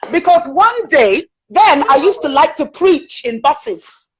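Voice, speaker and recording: A woman with a British accent shares her life story as an interview guest. Her voice sits high and swoops up and down with energy. She talks in a chatty, animated way, full of fillers and restarts. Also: slow pace, poor audio.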